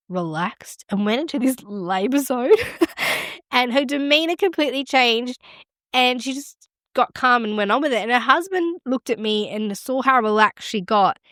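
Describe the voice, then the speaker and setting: A woman's voice: fairly high pitch, a bit bright, no echo, clean studio sound. A middle-aged woman hosting a midwifery podcast, giving frank, encouraging advice in a conversational way. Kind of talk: casual advice talk.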